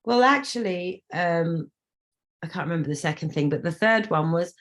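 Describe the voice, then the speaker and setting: A woman's voice: low-pitched, moderate pace. Chatty woman host on a video call. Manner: enthusiastic, rambling, many restarts. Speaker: host and singer-songwriter. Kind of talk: casual interview chat.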